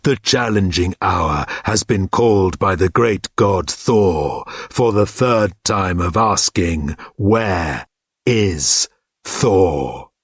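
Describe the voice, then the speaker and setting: A man voicing a solemn herald of the ancient gods, proclaiming slowly and gravely from a high balcony in an audiobook. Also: lively intonation, no room sound, studio quality, full character voice.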